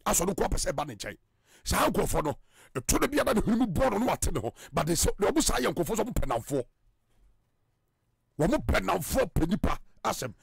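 A Ghanaian man preaching with a high, gravelly edge to his voice and emphatic bursts. His pitch swings widely as he drives his points home. The sound is dry and close, with no room around it. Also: very animated, fairly quick, dry recording. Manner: emphatic, rising to loud bursts. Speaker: evangelist. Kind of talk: preaching in Twi and English.

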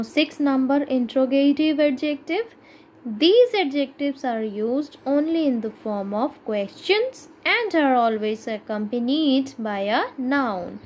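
A woman's voice: sits high, a little mellow, a little hiss or hum, rough recording. A woman teacher with an Indian English accent giving a grammar lesson to schoolchildren, explaining step by step and asking checking questions.

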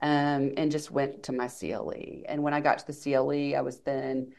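A woman's voice: a bass voice, moderate pace, creaky. A woman attorney from Arkansas, telling her story in an interview and quoting the people she met. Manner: animated, quotes others' lines while recounting events. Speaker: attorney guest.

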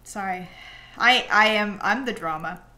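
A woman's voice: mid-range voice, unhurried, pushed and bright. A young woman streaming live, chatting casually to her viewers in a giggly, rambling way. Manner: giggly, rambling, talks to chat.

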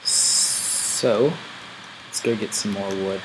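Low-pitched guy chatting through his game, talking to himself, clear hum of noise behind him. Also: steady tone, drawn-out words. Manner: chatty, thinks aloud while playing. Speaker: gameplay video host. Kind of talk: casual gameplay commentary.

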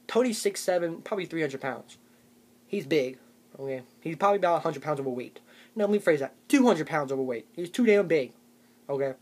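A man's voice: fairly high pitch, lively intonation, a little fast, a little mellow. A young man delivering a sarcastic comedic rant to camera, tagging his points with "okay?". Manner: ranting, sarcastic, tags lines with "okay?". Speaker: vlogger.

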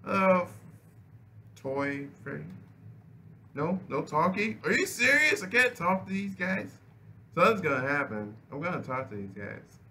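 A man's voice: a little high, lively intonation, unhurried, long pauses, pushed and bright, slight background noise. A young man giving casual, profane gameplay commentary, rambling and restarting his sentences. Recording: game music playing behind voice.

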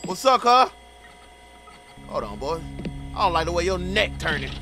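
A young man doing comedic game commentary, loudly roasting the characters in slang. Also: high-pitched, big pitch swings, moderate pace, music in the background. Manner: loud trash-talking, roasting characters in slang. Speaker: gaming streamer.

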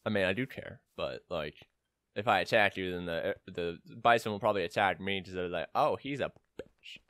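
A man's voice: low-pitched, fairly quick, fairly bright tone, clear, resonant tone, no room sound, clean studio sound. A young man giving casual let's-play commentary, rambling with joking asides as he plays. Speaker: gamer.

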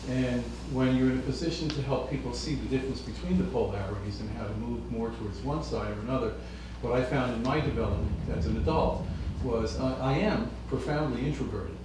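A man in the audience offers a reflective, halting comment. He sounds far from the mic in a very echoey hall with noticeable room noise. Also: mid-range voice. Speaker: audience member. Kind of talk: question-and-answer comment.

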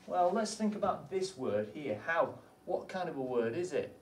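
A man's voice: on the high side, animated, normal speed, a little mellow, slight background noise. Distant, echoey male teacher explaining punctuation. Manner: patient, asks the class questions and answers them. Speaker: primary school teacher. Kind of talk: classroom lesson explanation.

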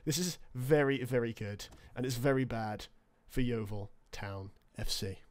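A man, casually and excitably commentating his own football video game. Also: mid-range voice, measured pace. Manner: excitable, chatty, self-correcting. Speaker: gaming commentator.

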